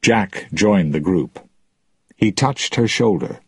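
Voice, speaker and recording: Slow, husky low-voiced male narrator. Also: lively intonation, dry recording. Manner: slow, deliberate, plain reading. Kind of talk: audiobook narration.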